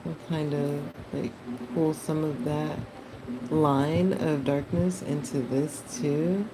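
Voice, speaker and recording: A woman's voice: low voice, steady tone, takes it slowly, background noise. A woman chatting casually with her livestream chat while she draws, laughing often. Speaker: art livestreamer.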